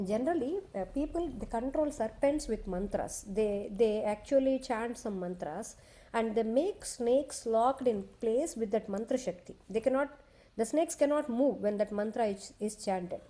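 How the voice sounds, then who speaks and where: A woman retelling a sacred epic in a devotional discourse, talking conversationally and pausing to explain for children. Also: fairly high pitch, animated, warm tone. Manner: conversational, explains to children, frequent restarts and "okay". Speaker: scripture storyteller.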